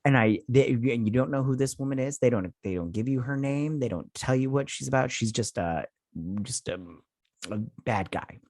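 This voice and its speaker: A man's voice: mid-range voice, normal speed, darkish tone, no room sound, studio quality. A man hosting a casual TV episode recap and review, rambling with lots of fillers and sounding exasperated. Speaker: TV review host.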